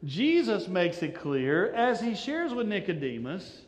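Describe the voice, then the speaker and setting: A man's voice: high voice, very animated, unhurried, long reverb tail. A male pastor giving a sermon, telling stories and acting out the voices of the people in them. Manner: storytelling, acts out quoted voices, shifting inflection.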